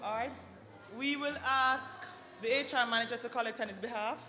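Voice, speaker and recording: A woman hosting an awards dinner, calling up recipients with playful jokes and quick apologies for her slips. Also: on the high side. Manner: lively, joking, apologizes for slips. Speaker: awards ceremony host. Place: banquet hall at an awards dinner. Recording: long hall reverb with loud music.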